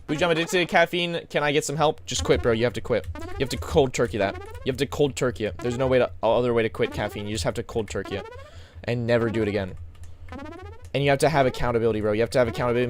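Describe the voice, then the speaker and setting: A man streaming live, chatting casually and reacting in quick, slangy bursts. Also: mid-range voice.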